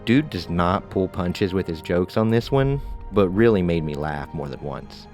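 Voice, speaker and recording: A man narrating a scripted video game review in a relaxed, conversational way with casual asides. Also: deep voice, unhurried, music in the background.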